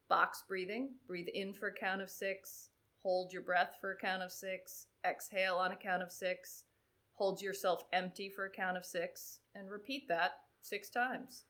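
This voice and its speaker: A woman sports psychologist guest, talking in a conversational interview and telling an anecdote with acted-out dialogue. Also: medium pitch. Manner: animated storyteller, acts out quoted dialogue.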